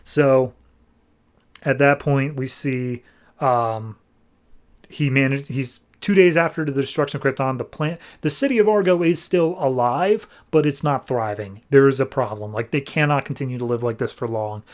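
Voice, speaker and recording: A man's voice: medium pitch, normal speed. A man hosting a comic podcast, retelling a story in a chatty, filler-heavy way. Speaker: comic book podcast host. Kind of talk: casual comic recap.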